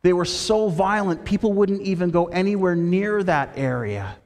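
A man preaching a sermon, retelling stories in a lively way and dropping his voice low and quiet for quoted lines. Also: moderate pace, long reverb tail. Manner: storytelling with quoted voices, shifting between loud and hushed. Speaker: pastor.

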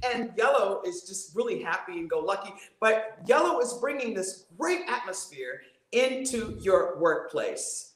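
A woman voice coach on a video call, talking in a playful, animated way and acting out voices. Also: moderate pace, reverberant. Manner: playful, acts out voices, swings pitch widely. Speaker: voice coach guest.

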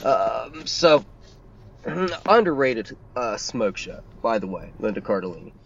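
A man's voice: medium pitch, big pitch swings, a little slow, gravelly, slightly rough, highs cut off. A man recapping a movie in casual podcast chat, rambling and swearing, with lots of fillers. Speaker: podcast co-host.

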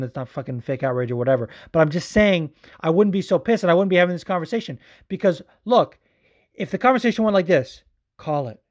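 Male podcast host, loose and profane, animated delivery, voice a touch high. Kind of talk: casual podcast commentary.

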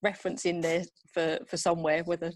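A woman co-hosting a podcast, chatting thoughtfully with many pauses. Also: on the low side, level tone. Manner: thoughtful, hesitant with fillers. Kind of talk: casual chat.

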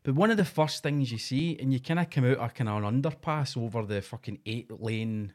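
Sweary podcast host. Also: male voice, medium pitch, fairly quick, darkish tone. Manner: sweary, laughing, banter-heavy. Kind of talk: casual podcast chat.

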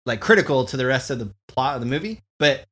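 A man's voice: mid-range voice, lively intonation, fast, a bit bright. A man co-hosting a podcast, loose and chatty, often laughing between remarks. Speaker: podcast co-host. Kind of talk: casual chat.

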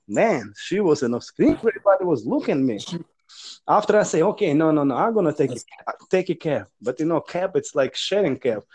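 A man with as his tells funny stories in broken English and swings his pitch widely as he acts out the people in them. His voice sits a little on the high side, and his speech is quick and theatrical. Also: husky. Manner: animated, acts out quoted voices with non-native grammar. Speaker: guest. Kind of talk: casual storytelling.

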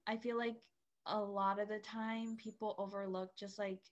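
A woman's voice: mid-range voice, level tone, normal speed, dull audio. Young woman guest on a podcast, kinda hesitant, says like a lot, earnest. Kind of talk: casual podcast chat.

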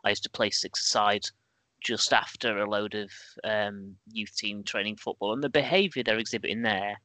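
A man on a podcast panel makes wry, dry remarks. His voice sits fairly low but has a sharp, bright edge, and the recording is dry. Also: fairly even intonation, moderate pace, no echo, low-quality recording. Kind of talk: casual podcast chat.

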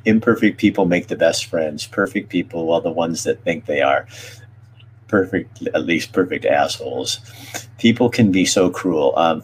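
A middle-aged man with an extremely deep voice hosts a podcast and shares personal stories. He talks candidly and emotionally, often pausing and restarting his sentences. A faint hum runs underneath. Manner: halting, with many pauses and restarts. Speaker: podcast host. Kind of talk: heartfelt personal storytelling.

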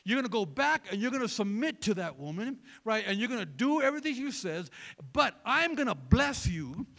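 Preacher doing an angel, emphatic, reassuring, raised high voice, gravelly. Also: male voice, sing-song, a little fast, a bit bright, heavily acted. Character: angel of God giving comfort.

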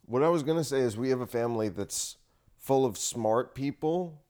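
A man's voice: mid-range voice, moderate pace, a little mellow. A man hosting a casual podcast chat, rambling and sarcastic, recorded on one handheld recorder. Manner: rambling, sarcastic, restarts his sentences. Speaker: podcast host. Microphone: single handheld recorder.

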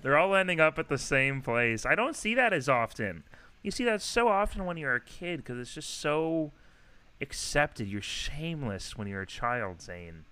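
A man's voice: on the high side, very animated, moderate pace, pushed and bright, clean tone. A young man co-hosting a casual comedy podcast, joking around and laughing often. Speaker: podcast co-host.

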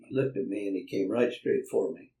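A man's voice: on the low side, fairly quick, warm tone. An older man, a land developer being interviewed, tells folksy anecdotes and chuckles as he acts out the people in them. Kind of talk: anecdotal storytelling. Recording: roomy, distant from mic.

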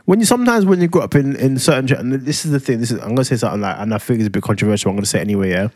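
A man's voice: mid-range voice, rapid-fire, darkish tone. A man with a South London accent co-hosting a podcast, chatting casually, rambling and swearing freely. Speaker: podcast co-host. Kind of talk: casual chat.

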